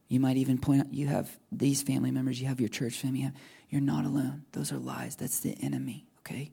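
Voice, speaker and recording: Man, pastor, sermon, husky and dark-toned, earnest, drops to near-whispers. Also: mid-range voice, level tone, brisk.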